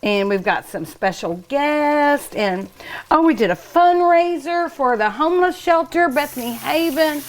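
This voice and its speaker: A woman's voice: high-pitched, animated, measured pace. A middle-aged woman hosting a cooking show from a restaurant kitchen, chatting eagerly and emotionally with her viewers while she cooks and tastes. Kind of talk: casual cooking show chat.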